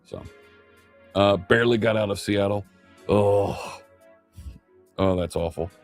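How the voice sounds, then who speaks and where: A middle-aged man, host of a live coding stream, chatting casually and answering viewers' messages out loud, with plenty of fillers. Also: lowish voice, slow pace. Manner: chatty, reads chat aloud, many fillers. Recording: faint music underneath.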